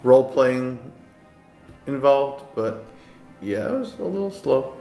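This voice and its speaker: A man's voice: mid-range voice, animated, takes it slowly, dark tone, faint music behind. A man chatting in an online game session, stumbling and restarting his sentences. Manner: stammering, many restarts. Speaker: player in an online bridge-crew game. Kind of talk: casual voice chat. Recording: roomy echo on voice chat.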